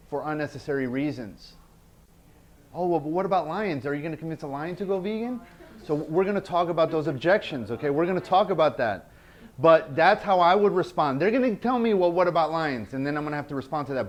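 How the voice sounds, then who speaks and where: A man presenting a workshop indoors, earnest, repeating key phrases and checking in with the group. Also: fairly high pitch. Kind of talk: teaching a workshop. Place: indoor event space.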